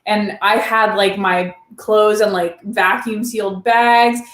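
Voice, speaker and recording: A woman's voice: medium pitch, fairly even intonation, slow, fairly bright tone. Chatty woman host, says like a lot, laughs easy, kinda echoey room. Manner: chatty, lots of "like", laughs easily. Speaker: channel host. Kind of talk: casual chat.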